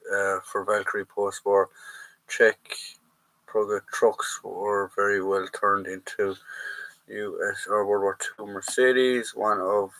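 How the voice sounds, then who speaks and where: Irish male stream host, lowish bright voice, halting casual chat reading viewer questions. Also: flat delivery, dry recording, low-quality recording. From Ireland. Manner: halting, stops to read viewer messages aloud. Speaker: livestream host, military collectibles dealer.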